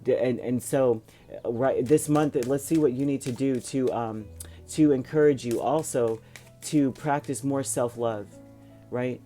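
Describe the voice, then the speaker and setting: A man with a mellow, dark-toned voice talks through a tarot reading in a loose, rambling way, reassuring his listeners and stopping to restart his sentences. Soft music plays faintly behind him. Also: mid-range voice, a little slow. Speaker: tarot reader. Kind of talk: casual spoken tarot reading.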